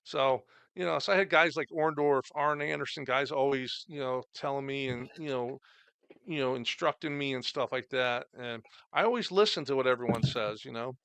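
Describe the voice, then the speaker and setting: A man's voice: medium pitch, moderate pace, a bit bright, clean tone, no echo. A middle-aged man, a guest chatting casually and rambling with many fillers about his wrestling days. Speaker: podcast guest, former wrestler. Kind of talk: casual storytelling chat.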